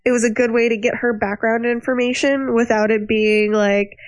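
Woman host, chatty podcast voice, slightly high, dry close sound. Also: normal speed, no room sound, low-quality recording. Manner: chatty, animated storytelling. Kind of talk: casual discussion of a TV show.

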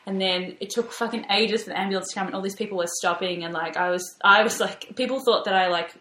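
A woman's voice: mid-range voice, fast talker, a bit bright. A young woman with an Australian accent, co-hosting a podcast and telling a story in a chatty way full of "like". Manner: chatty storytelling, heavy use of "like". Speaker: podcast co-host. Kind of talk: casual chat. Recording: roomy echo.

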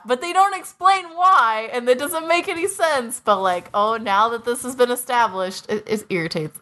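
A woman's voice: a little high, normal speed, hardly any pauses, pushed and bright. A woman co-hosting a casual podcast, recapping episodes and skeptically picking apart plot holes. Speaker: podcast co-host.

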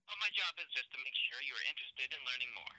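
A man's voice as an automated telemarketing caller, reading a polite scripted pitch over a phone line. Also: animated, fast, bright, forceful tone. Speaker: telemarketing robocall voice. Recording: tinny phone line recording.

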